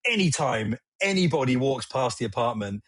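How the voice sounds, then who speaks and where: Animated husky-voiced man telling stories. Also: mid-range voice, moderate pace, dry recording. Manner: animated, swearing storyteller who acts out movie quotes. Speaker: podcast co-host. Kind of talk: casual chat.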